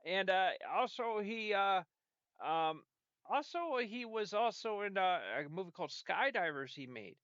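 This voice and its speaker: A man's voice: high voice, animated, measured pace, a bit bright, smooth, no echo. A man giving rambling, playful commentary over a video game, sometimes singing snippets. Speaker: game streamer. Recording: dull lo-fi dry sound.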